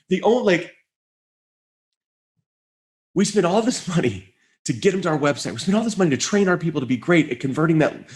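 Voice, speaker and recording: A man giving a conference keynote, telling an animated story and acting out the voices of the people in it. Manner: animated, high-energy storytelling with acted-out quotes. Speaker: conference speaker.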